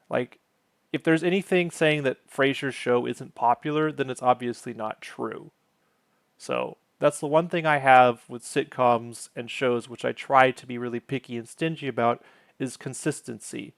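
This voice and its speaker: A man's voice: medium pitch, normal speed, creaky, no room sound, studio quality. A man hosting his own channel, casually recapping a sitcom episode, wandering off on tangents and correcting himself as he goes.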